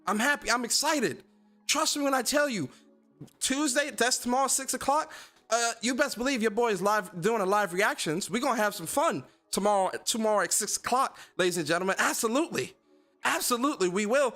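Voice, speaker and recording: A man's voice: high-pitched, animated, a little fast, bright, forceful tone, soft background music. A man hosting a casual gaming livestream, speaking in loose slang and getting fired up as he talks straight to his chat. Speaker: gaming streamer and podcast host.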